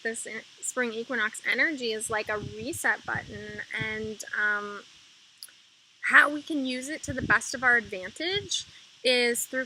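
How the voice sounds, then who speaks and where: Woman, spiritual energy reader, very bright and high-ish voice, chatty and rambling, faint hiss behind. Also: low-quality recording. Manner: rambling, filler-heavy; soft repetitive mantra chanting. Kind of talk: casual spiritual monologue.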